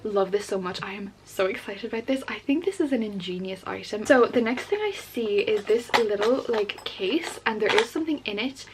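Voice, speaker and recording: A woman's voice: medium pitch, moderate pace, few pauses. Gushing young woman with background hiss. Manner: gushing, excitable, many "like" fillers. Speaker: book vlogger. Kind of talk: casual unboxing chat.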